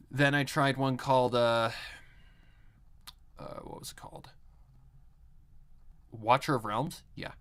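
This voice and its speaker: A man's voice: medium pitch, fairly bright tone. A man chatting casually on a live stream while he works, rambling with a lot of filler words and frequent swearing.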